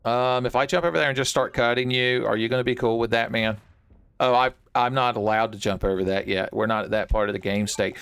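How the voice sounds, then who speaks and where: A man's voice: medium pitch, flat delivery, fairly quick, fairly bright tone, clean tone, no room sound. Jokey man commenting on his gameplay. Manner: joking, talks to the enemies on screen. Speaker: gaming channel host. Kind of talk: let's play commentary.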